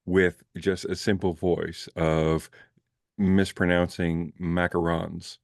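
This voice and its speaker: A man's voice: low voice, level tone, takes it slowly, creaky, dry recording, clean studio sound. A man from Canada, a guest on a casual movie review chat, talking in playful, enthusiastic bursts.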